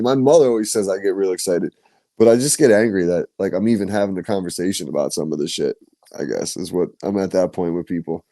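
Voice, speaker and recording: Male podcast co-host, dark mellow tone, blunt casual talker, dry sound. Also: sits low, fast talker, no room sound. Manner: blunt, casual, swears freely.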